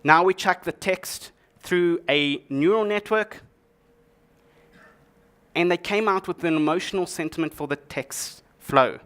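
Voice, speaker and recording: A man's voice: high-pitched, measured pace, fairly bright tone, clean tone. A man giving a tech conference talk to an audience, with a dry, joking delivery full of sarcastic asides. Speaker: conference speaker. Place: conference stage before an audience.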